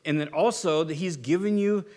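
Guy preaching, kinda high voice, chatty sermon, lots of "right?" questions. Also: moderate pace, darkish tone. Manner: conversational preaching with rhetorical questions. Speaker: pastor.

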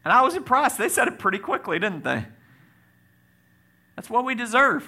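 A man preaching a sermon as pastor, swinging from loud exclaims to quiet asides, with joking moments. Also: very high voice, sing-song, normal speed.

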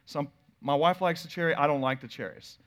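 Male pastor, thirties, higher voice, animated sermon storytelling, loud-to-soft swings. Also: a little fast.

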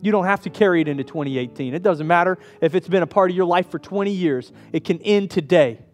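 A man in his thirties preaching a sermon as pastor, earnest, moving between hushed intimate passages and raised emphatic ones. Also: high voice, fast, faint music behind.

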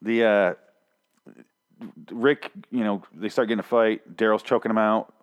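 A man's voice: lowish voice, steady tone, measured pace, dull audio. A man casually recapping a TV episode, rambling and swearing, with sarcastic asides.

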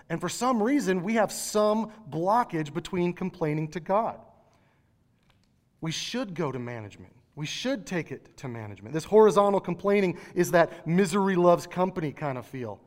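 A man preaching a sermon in a church, conversational, with animated asides. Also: high voice, normal speed, big-room sound.

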